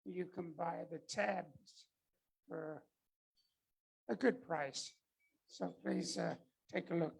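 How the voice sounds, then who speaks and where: A man's voice: slow, vocal fry, pauses often, slightly rough, poor audio. A man casually announcing ad sales at a club meeting. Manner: casual, pitching ads. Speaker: club member making announcements.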